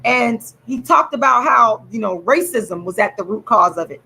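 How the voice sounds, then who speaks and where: A woman delivers a furious rant to her channel's viewers, her husky voice bright and high. She swings widely in pitch, repeats herself and stretches words out for emphasis. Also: animated, poor audio. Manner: furious, repetitive, swearing, drawn-out emphatic words. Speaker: channel host. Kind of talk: angry direct-to-camera rant.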